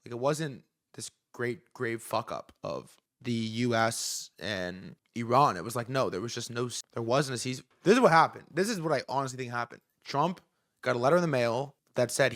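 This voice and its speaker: A man's voice: mid-range voice, normal speed, no room sound, studio quality. A young man hosting a livestream, ranting casually and profanely while acting out what others said. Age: young adult. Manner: animated, profane, acts out quoted figures. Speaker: livestream host. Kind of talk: casual commentary rant.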